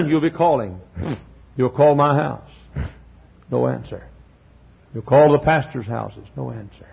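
A man preaching a fiery revival sermon, swinging from hushed passages to shouting and often clearing his throat. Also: mid-range voice, animated, a little slow, long pauses, dull audio.

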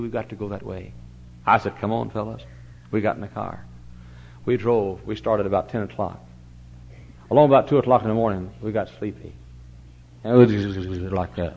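An older man preaching a sermon in a church. He tells stories with big swings from loud to hushed. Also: on the low side, normal speed. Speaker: pastor. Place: church sanctuary. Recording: dull, lo-fi church recording with faint hum.

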